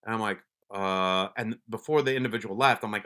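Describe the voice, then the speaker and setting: Bright-voiced, blunt, swearing man. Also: medium pitch, sing-song, normal speed. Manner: blunt, swears freely, frequent restarts. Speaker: podcast guest, police officer and wellness advocate. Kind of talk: casual storytelling.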